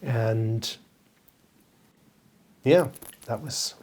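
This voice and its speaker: A man's voice: medium pitch, extremely slow, darkish tone, slight background noise. A man co-hosting a podcast in casual chat, hesitant and full of restarts, from Canada. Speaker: podcast co-host.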